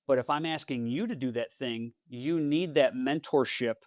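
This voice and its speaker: A man who coaches leaders, guesting on a podcast, telling stories in a lively way and acting out the dialogue. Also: medium pitch, moderate pace, no room sound, clean studio sound. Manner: animated storyteller, acts out dialogue. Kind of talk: podcast interview storytelling.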